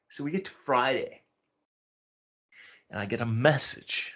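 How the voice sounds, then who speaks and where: A man's voice: lively intonation, normal speed, long pauses, bright, forceful tone. A man hosting a podcast, casually telling a personal story with lots of swearing and exasperated, bewildered outbursts. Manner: profane, exasperated, bewildered retelling with sudden high-pitched outbursts. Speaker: podcast host.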